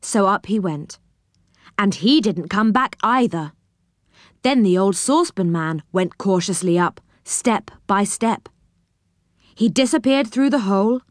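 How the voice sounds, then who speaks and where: A woman reading a children's story aloud in an expressive, animated way. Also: mid-range voice, no room sound, clean studio sound.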